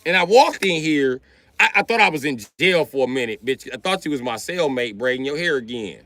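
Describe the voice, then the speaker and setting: A man livestreaming a crude comedy rant, loud and mocking, laughing often. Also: mid-range voice, animated, a little fast.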